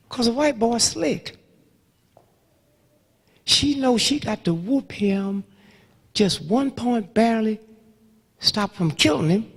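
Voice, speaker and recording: Man, 70s, fiery lecturer with a husky, fry-edged voice that leaps around in pitch, booming in a reverberant hall. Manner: sweeping swings between hushed murmurs and loud outbursts, rhythmic call-outs. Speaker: speaker addressing an audience. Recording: long reverb of a large hall.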